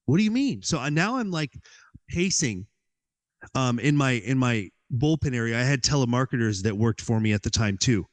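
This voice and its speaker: Here a man speaks at normal speed with a medium pitch, guesting on a podcast. He tells a personal story animatedly, acting out what went through his mind and using many "like"s.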